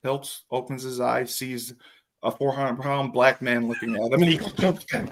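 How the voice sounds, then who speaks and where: A man hosting a podcast, telling profane, animated stories and acting out what others said in casual chat. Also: medium pitch, normal speed, a little hiss or hum. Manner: profane, animated storytelling with acted quotes. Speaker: podcast host.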